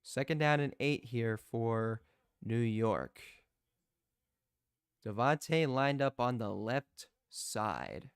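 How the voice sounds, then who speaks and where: A young man giving live play-by-play as a fan commentator, excitable and prone to restarting his sentences. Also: medium pitch, extremely slow, clean tone, no echo, clean studio sound. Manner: excitable, shouts in disbelief, repeats and restarts.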